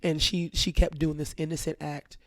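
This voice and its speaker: A woman co-hosting a podcast, telling a story in a blunt, animated way with plenty of swearing. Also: low-pitched, normal speed, no room sound, clean studio sound. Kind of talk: casual storytelling chat.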